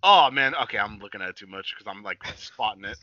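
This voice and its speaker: A man's voice: on the low side, animated, quick pace, pushed and bright, no echo, dull audio. A man co-hosting a casual podcast, loose and profane, joking around and calling his friend buddy. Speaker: podcast co-host.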